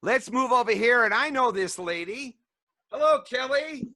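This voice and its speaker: A male host on a video call, friendly, moving briskly from one guest to the next. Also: very high-pitched, expressive, bright, forceful tone, no room sound, studio quality. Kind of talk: hosting a video call event.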